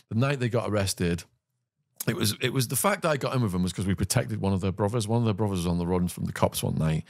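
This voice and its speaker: A British man with a fairly low voice tells a story as a podcast guest. He is animated and vivid, breaking into quick laughs and side remarks. The sound is close and dry, with no room in it. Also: no room sound. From Britain. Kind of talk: storytelling in conversation.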